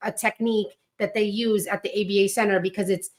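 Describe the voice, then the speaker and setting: Woman, podcast co-host, casual chat, mid-pitched, lively when quoting her kids. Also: fast.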